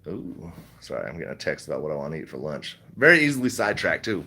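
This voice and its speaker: Man, middle-aged, lowish voice, casual livestream talk, rambling, laughs a lot. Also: big pitch swings, quick pace, bright, forceful tone. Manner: rambling, laughs often, many restarts. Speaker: livestream host reading chat.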